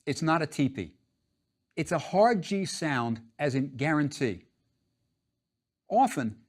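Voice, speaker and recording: A man's voice: a little high, a little mellow. A man teaching a drawing lesson, patient and step by step, repeating each instruction.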